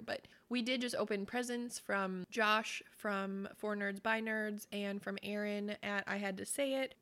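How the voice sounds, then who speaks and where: A woman's voice: mid-range voice, a bit bright. A woman co-hosting a podcast in casual chat, effusive and giggly, swearing freely. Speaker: podcast co-host.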